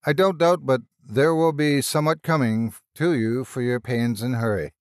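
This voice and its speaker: A male narrator voicing a formal, brisk country rector giving orders in a storybook reading. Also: medium pitch, fairly even intonation, no room sound, clean studio sound, pitched above the performer's own voice, natural voice. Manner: brisk, formal and a little impatient. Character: brisk middle-aged country rector, impatient and proper.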